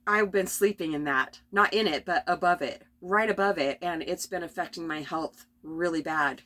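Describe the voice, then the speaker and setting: A middle-aged woman rambling through a spontaneous spiritual vlog from her RV, tired and coughing, with many restarts and soft laughs. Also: on the low side, normal speed. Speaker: vlogger. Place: at home in an RV.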